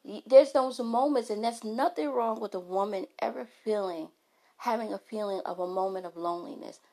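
A woman's voice: mid-range voice, moderate pace, mellow. A middle-aged woman vlogger talking frankly and emphatically to her followers, often restarting her sentences. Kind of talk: candid talk to camera.

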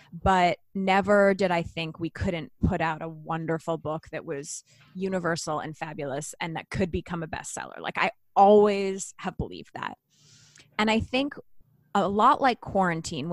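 A woman in her thirties, a podcast co-host, telling stories in a casual, animated chat, swearing freely and acting out what others said. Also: fairly low pitch, no echo. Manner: chatty, swearing, animated storytelling with quoted voices.

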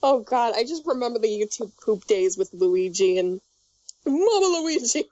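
A woman's voice: medium pitch, moderate pace, warm tone, no echo. A woman in her twenties chatting casually, rambling with restarts and swearing. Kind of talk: casual chat. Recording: muffled dry recording.

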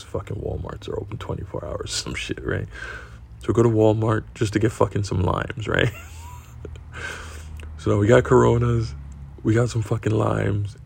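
A man's voice: fairly low pitch, gravelly, darkish tone, slight background noise. A man telling a casual, profanity-heavy anecdote, often tagging lines with "right?" and laughing between them. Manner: profane, keeps asking "right?".

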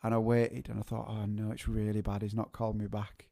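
A man's voice: on the low side, completely flat delivery, fairly quick, creaky, dark tone. A man co-hosting a live music show, chatting casually and laughing his way through a rambling story. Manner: rambling, repeats words as he restarts.

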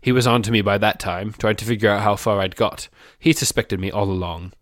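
A man's voice: on the low side, fairly even intonation, brisk, dry recording, studio quality, close to an everyday voice. A man voicing a nervous, scheming male wizard teacher in a put-on British accent. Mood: menacing.

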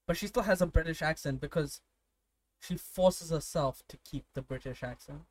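A man's voice: on the high side, normal speed, a little mellow. Young man, profane casual storyteller. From India. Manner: profane, storytelling, laughs often. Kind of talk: casual chat.

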